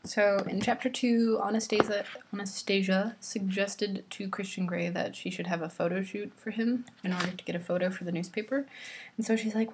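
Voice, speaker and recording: A woman's voice: medium pitch, steady tone, normal speed, background noise. A woman vlogger summing up a novel chapter by chapter, exasperated and sarcastic, often dropping into a whisper. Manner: exasperated, eye-rolling, drops into whispers. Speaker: vlogger reading a novel aloud. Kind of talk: sarcastic book commentary.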